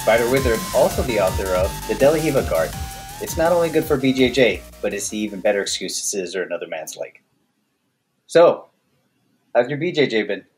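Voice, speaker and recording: A man's voice: on the low side, animated, fairly quick, faint music behind. A man co-hosting a casual podcast, bantering and teasing his co-host with crude jokes.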